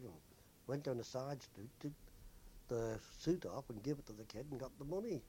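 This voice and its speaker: An older man recalls his days at sea for an oral history. His voice sits at an ordinary middle pitch. He tells his anecdotes in an unhurried, easygoing way. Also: warm tone, husky. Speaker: former merchant seaman.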